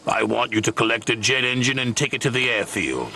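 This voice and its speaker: A man voicing an official male railway boss in a storybook reading, explaining plainly, with loud music underneath. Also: mid-range voice, animated, brisk, creaky, a little hiss or hum.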